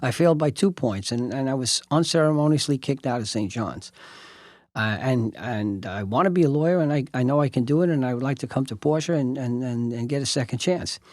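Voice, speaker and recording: A man's voice: medium pitch, animated, fairly quick, darkish tone, dry recording, clean studio sound. An older man, telling a long personal story in a rambling way, restarting and acting out the dialogue. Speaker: host telling his life story. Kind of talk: casual storytelling.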